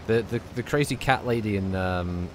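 A man's voice: lowish voice, normal speed, noisy background. A man streaming a video game, chatting casually with friends, joking and laughing often. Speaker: gaming streamer. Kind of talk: casual chat while gaming.

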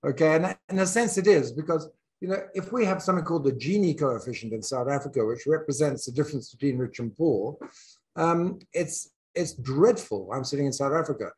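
Man, English accent, dean's reflective talk, candid, frequent restarts, slightly high voice. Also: brisk, a little mellow. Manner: candid, thinks aloud with restarts. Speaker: business school dean giving a talk. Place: in South Africa.

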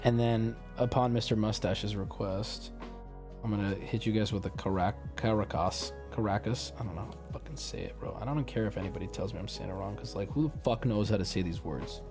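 A man streaming live, chatting casually with his viewers while he opens card packs, swearing and switching between loud bursts and mumbling. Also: on the low side, fast, music in the background.

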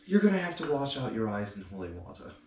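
A scandalized priest who scolds and sputters while he lectures, as a man puts him on. His pitch jumps around in a lively way. The voice is distant and roomy, with a faint hiss behind it. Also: quick pace. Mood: flustered scolding. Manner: shocked, sputtering, preachy. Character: flustered scolding male priest, middle-aged.

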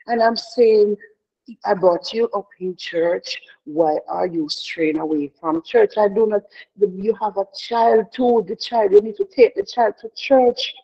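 A middle-aged woman leading a prayer devotion in an earnest, heartfelt way, often repeating herself and restarting. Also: mid-range voice. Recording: dull lo-fi sound.

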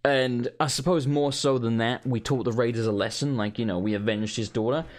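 A gaming host rambles through casual, sweary let's-play commentary over a video game. His voice is medium in pitch and brisk, with fairly even intonation.

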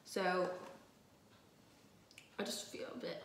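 A young woman with a soft Dublin lilt chats away while she cooks, rambling and teasing herself, with the odd swear word. Her voice sits a little high. She sounds a few steps back from the camera, and the kitchen gives it a noticeable echo. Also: expressive, moderate pace, far from the mic, a little hiss or hum. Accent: Dublin Irish, light. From Ireland, Dublin. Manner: chatty, rambling, self-mocking, swears freely. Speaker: vlogger. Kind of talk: casual chatty vlog while cooking. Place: home kitchen, indoors. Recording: echoey kitchen, voice a little off-mic.

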